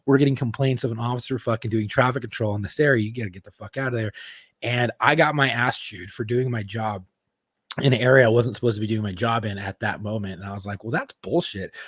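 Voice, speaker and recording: A man with a husky, slightly breathy voice tells police stories at a fast clip. He swears freely and jumps in and out of voiced quotes. The sound is dry and close. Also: lowish voice, no echo. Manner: fast, profane, animated retelling with voiced quotes. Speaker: podcast co-host, former police officer. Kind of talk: casual storytelling.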